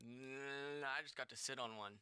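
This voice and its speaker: A man joining a game stream, bantering in a joking, animated way. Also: medium pitch, normal speed, clean tone, no echo. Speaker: stream co-player. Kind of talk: casual chat on a game stream.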